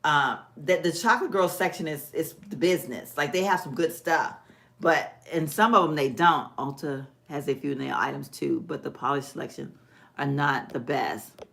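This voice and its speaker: Woman host, deep voice, chatty and folksy, calls everyone "girl", live-stream nail chat. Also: normal speed, gravelly, a bit bright. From Texas. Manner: chatty, folksy, laughs often, talks to viewers as "girl". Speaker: vlog host. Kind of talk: casual livestream chat.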